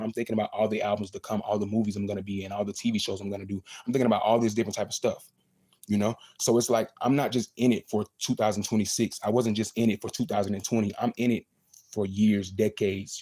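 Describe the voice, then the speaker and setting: A young man speaks to his fans on a livestream through a phone or webcam mic. His voice sits a little low and sounds warm and mellow. He talks in an earnest, motivational way, often repeating lines for emphasis. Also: level tone, fast talker, husky. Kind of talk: casual livestream talk to fans.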